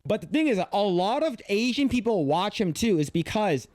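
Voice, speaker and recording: A man's voice: high voice, sing-song, normal speed, darkish tone, no echo, clean studio sound. A man streaming casual reaction commentary, rambling and repeating himself as he talks. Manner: rambling, repeats words, frequent laughs.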